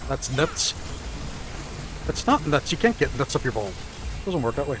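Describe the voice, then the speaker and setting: A man's voice: medium pitch, big pitch swings, normal speed, over music. A man, commentating his live gameplay and bantering profanely with chat. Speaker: gaming streamer.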